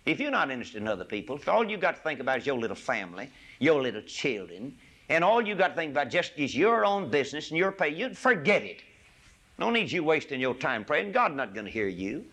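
An older man preaching a sermon, swinging from loud, impassioned peaks to hushed asides. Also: on the high side, sing-song, fast talker.

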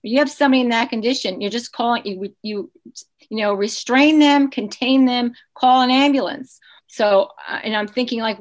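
A fifties-aged woman guesting on a podcast shares a painful personal story in a voice on the high side. She is earnest and emotional, often starting over mid-thought.

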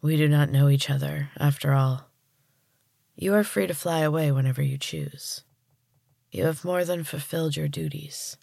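A woman voicing a solemn young woman who is turning into a tree creature, speaking slowly in a breathy, weary voice. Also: deep voice, warm tone, dry recording, clean studio sound.

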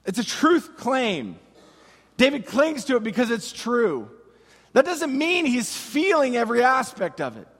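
High-voiced man preaching in a hall. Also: wildly swooping pitch, fairly bright tone. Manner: preaching with slow dramatic pauses and impassioned cries. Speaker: pastor. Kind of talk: sermon.

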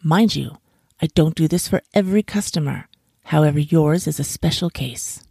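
A woman voicing a clever, calm male barber in a storybook, speaking politely with a sly edge. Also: sits low, moderate pace, gravelly, slightly rough, no room sound, studio quality, exaggerated voice. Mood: measured.

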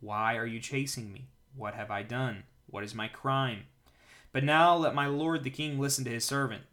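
A man's voice: medium pitch, moderate pace, bright, forceful tone, lightly acted. A man reading the part of a bold young male warrior, earnest and declaiming in a slightly raised voice. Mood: pleading.

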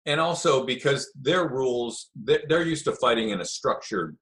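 A middle-aged man telling a story in a relaxed, chatty way, acting out the voices of the people in it. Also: medium pitch, moderate pace. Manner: animated storyteller, acts out quoted voices. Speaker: guest telling stories of early jiu-jitsu. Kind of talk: casual storytelling.

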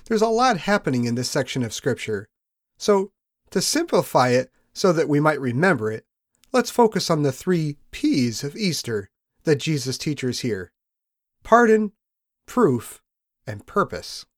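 Lively, expressive male preacher. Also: fairly high pitch, no echo, clean studio sound. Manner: reads scripture slowly, then preaches with rising emphasis. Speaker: pastor. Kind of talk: sermon.

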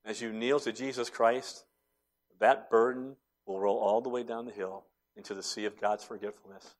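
A man preaching a sermon as pastor, building to loud impassioned cries and then dropping to soft, tender tones. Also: fairly low pitch, steady tone, normal speed.

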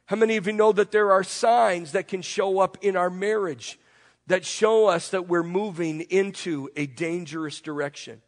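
A pastor preaches a sermon in a congested, fairly high, slightly bright voice, firing rhetorical questions at his listeners and piling up repeated phrases. A large room gives his words a long reverb that lingers as they trail off.

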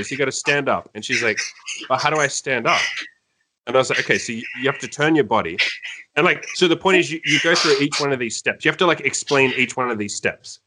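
Animated young man telling a story. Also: mid-range voice, very noisy. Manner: animated, laughing, many "like" fillers. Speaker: coach. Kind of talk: casual storytelling on a call.

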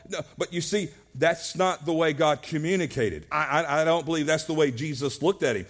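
A man's voice: a little high, moderate pace, few pauses. A male pastor preaching a sermon at a church service, earnest, often restarting his words.

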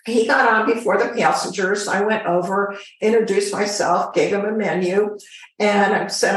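A woman's voice: mid-range voice, far from the mic. Chatty older woman in an echoey room. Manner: chatty, animated storyteller. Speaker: guest, former flight attendant. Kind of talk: storytelling in an interview.

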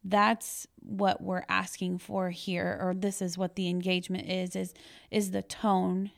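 A woman's voice: lowish voice, little pitch movement, unhurried, gravelly. A woman, a former school educator, chatting on a podcast and telling stories about her students, acting out their voices as she goes. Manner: storytelling, acts out children's voices and her own past words. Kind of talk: casual podcast conversation.

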